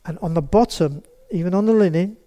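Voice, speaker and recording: A man's voice: high voice, a little fast. A man preaching a sermon to a congregation in a church, talking to them directly and acting out little scenes as he goes. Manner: animated, acts out quotes, addresses the congregation directly.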